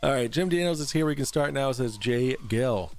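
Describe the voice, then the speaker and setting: A man's voice: mid-range voice, expressive, moderate pace, soft background music. A man hosting a casual livestream, reading out super chats in a loose, rambling way, swearing freely and laughing often. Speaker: livestream talk show host.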